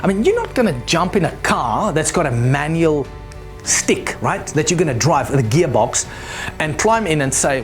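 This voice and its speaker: Man presenting a sales lesson, very lively pitch, acts out quotes, faint music behind. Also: moderate pace. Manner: animated, acts out quoted people in raised voices; repeats words when thinking aloud. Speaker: sales trainer.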